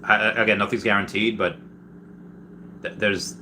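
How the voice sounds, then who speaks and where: A man hosting a casual livestream, reading viewer comments and rambling excitedly, with many restarts and jokes. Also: on the low side, moderate pace, slight background noise. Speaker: livestream host reading chat.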